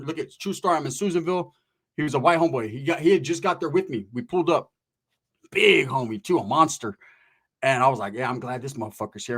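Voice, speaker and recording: A man telling a long story in casual, profane street slang. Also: a little high. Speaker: podcast storyteller.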